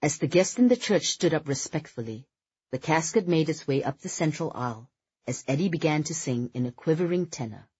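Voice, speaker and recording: Husky, measured audiobook narrator. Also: mid-range voice, no room sound, muffled recording. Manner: measured, even storytelling.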